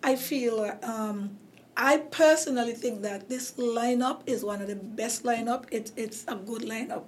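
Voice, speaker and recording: Speaking at a measured pace in a slightly high voice, a woman with a Caribbean accent hosts a casual interview chat. She is losing her voice and rambles, with many fillers and restarts.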